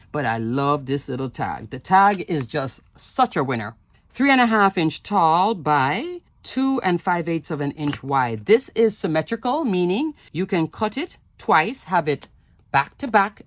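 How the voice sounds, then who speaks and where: A woman's voice: on the low side, big pitch swings, a little slow, no echo. Bubbly woman hosting a craft video. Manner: bubbly, repeats words like "love, love" and "fun"; addresses viewers as "crafters". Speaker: papercraft video host. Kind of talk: casual craft demonstration.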